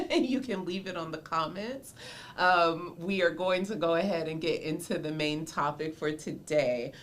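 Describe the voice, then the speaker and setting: A woman in her forties with a notably low, deep speaking voice hosts her own podcast. She talks in a loose, chatty way, drifting into nostalgia, laughing often, and tossing in a friendly "y'all" as she addresses listeners directly. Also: unhurried, a bit bright, slight background noise. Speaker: podcast host and mother. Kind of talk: casual solo podcast chat.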